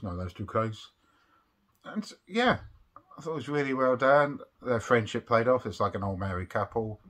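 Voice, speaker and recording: A man's voice: mid-range voice, a bit bright. A young man giving a casual, rambling review of a TV episode. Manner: rambling, with restarts and fillers.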